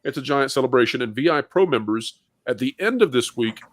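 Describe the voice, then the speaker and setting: Playful upbeat guy hosting a live panel, lively swooping voice, dry close sound. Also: mid-range voice, a little fast, dry recording. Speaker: host.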